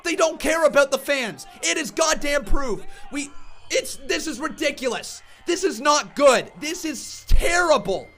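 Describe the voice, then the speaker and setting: Very high, bright-voiced man ranting furiously. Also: lively intonation, measured pace, faint music behind. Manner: furious, swearing, repeating himself. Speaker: wrestling reaction vlogger. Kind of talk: shouted angry rant.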